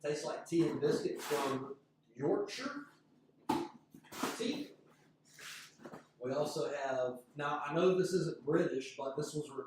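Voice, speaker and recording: A man's voice: on the high side, animated, slow, long pauses. An American man hosting a casual group snack chat, upbeat and reading product names aloud, recorded from a distance in an echoey room. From United States. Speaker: show host. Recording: echoey room, distant mic, faint noise.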